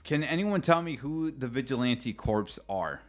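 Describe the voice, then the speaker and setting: A man's voice: medium pitch, expressive, unhurried. A man with a mid-range voice rambles through a casual live reaction stream. He chats loosely with his viewers and swears freely. Faint music plays underneath. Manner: chatty and rambling, swears casually, talks to chat.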